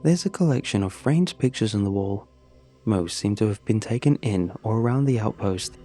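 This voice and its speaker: A man narrating a first-person horror story in a measured, scripted storytelling manner. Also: fairly low pitch, expressive, mellow, faint music behind.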